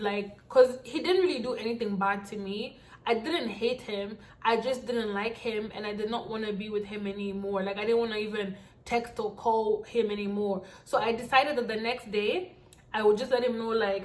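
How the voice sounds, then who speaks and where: A woman telling a dramatic storytime vlog in an animated way. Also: on the high side. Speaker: vlogger.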